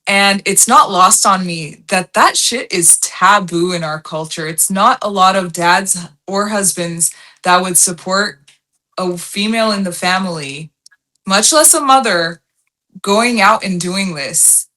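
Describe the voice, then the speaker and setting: A woman's voice: mid-range voice, sharp tone. A woman guest on a podcast, talking candidly and with emphasis in casual chat. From Armenian heritage. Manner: candid, emphatic, drawn-out phrasing. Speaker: podcast guest, slot content creator.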